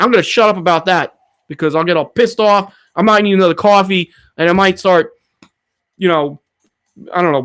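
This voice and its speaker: Through his streaming setup mic, a man with a high-pitched, fairly bright voice hosts a casual livestream Q&A. He reads out viewer questions and answers them in rambling, profane rants.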